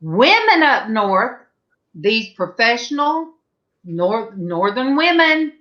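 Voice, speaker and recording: This middle-aged Southern US woman speaks slowly but very animatedly, with a fairly high, somewhat bright voice. Hosting a casual panel chat, she tells rambling stories crowded with fillers and restarts. The recording has a dull, lo-fi quality.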